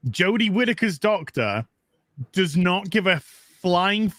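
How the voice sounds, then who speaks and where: A man's voice: high-pitched, very animated, takes it slowly, a bit bright, dry recording. A man in casual chat as a podcast co-host, frank and opinionated, swearing freely. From England.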